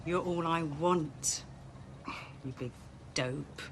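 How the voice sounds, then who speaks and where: An actress playing a flirtatious wife in a 1980s TV soap, with a teasing, playful manner. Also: female voice, deep voice, drawn-out words, heavy background noise, full character voice. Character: flirtatious wife seducing her husband.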